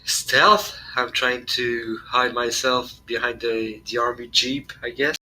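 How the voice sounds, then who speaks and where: A man's voice: mid-range voice, fairly even intonation, slow, sharp tone, a little hiss or hum, rough recording. A man playing in a tabletop game, explaining his moves in a dry, matter-of-fact way. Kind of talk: casual game table chat.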